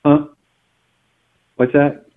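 A man on the phone, answering patiently and plainly, often hesitating with fillers. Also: drawn-out words. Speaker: call recipient. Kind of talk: phone conversation. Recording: tinny phone line.

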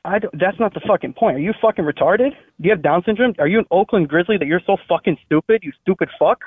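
A man's voice: high voice, quick pace, slightly rough, no echo. A man on a phone call, angry, profane and threatening, ranting at the person who left him a note. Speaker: caller. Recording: tinny phone line.

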